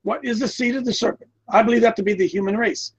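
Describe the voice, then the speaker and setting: A man's voice: high voice, quick pace, slightly rough, dull audio. A man in his sixties preaching a sermon in a folksy, repetitive, emphatic way. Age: 60s.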